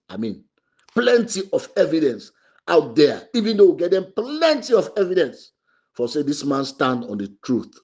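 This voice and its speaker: Husky, emphatic Sierra Leonean man. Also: mid-range voice. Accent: Sierra Leonean Krio English. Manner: emphatic, repetitive, rising to shouts. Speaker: party spokesman. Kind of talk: impassioned political commentary.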